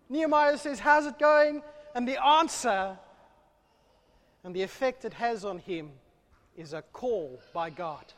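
A man preaching a sermon, swinging between loud, fervent calls and hushed, low asides. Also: unhurried, long pauses. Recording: long hall reverb.

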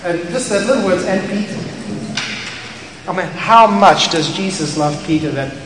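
A man preaching a sermon, impassioned, swinging between loud and hushed lines. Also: high-pitched, normal speed. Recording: echoey hall with noise.

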